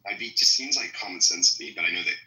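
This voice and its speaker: A man's voice: low voice, fast, bright, forceful tone, echoey room, low-quality recording. A man from California chatting casually in an online audio room, rambling and opinionated, laughing at his own jokes. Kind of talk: casual chat.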